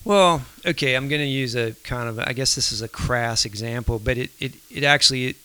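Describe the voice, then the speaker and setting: A man's voice: medium pitch, brisk, bright, forceful tone, clean tone, low-quality recording. A man co-hosting a casual faith discussion, thinking aloud and explaining his points with everyday examples. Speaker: podcast co-host.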